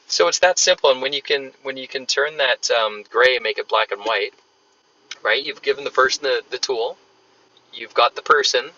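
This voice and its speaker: A man's voice: medium pitch, moderate pace, bright, forceful tone. A man hosting a podcast, explaining ideas in a casual, conversational way while on the road. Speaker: podcast host. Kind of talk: casual solo podcast talk. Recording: distant, dull lo-fi sound with faint noise.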